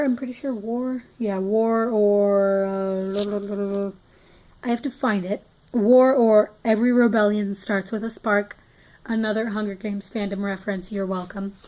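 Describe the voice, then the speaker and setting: A woman's voice: medium pitch, mellow, low-quality recording. A woman giving a casual, rambling tour of her toy collection, often scattered and poking fun at herself. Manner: rambling, self-mocking, scattered, chatty. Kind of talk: casual chat.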